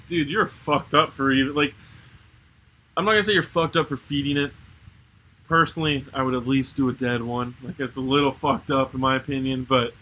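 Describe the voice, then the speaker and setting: A young man co-hosting a podcast, chatting casually and telling animated stories with frequent swearing and laughter. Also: fairly high pitch, rough recording. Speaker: podcast co-host. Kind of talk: casual chat.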